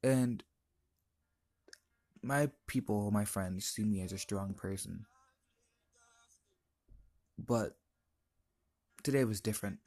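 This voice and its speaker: A man's voice: on the low side, slow pace, long pauses, a little mellow, dry recording. A teenage boy hosting his own podcast, telling a personal story in an earnest, emotional, confiding way. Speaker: podcast host.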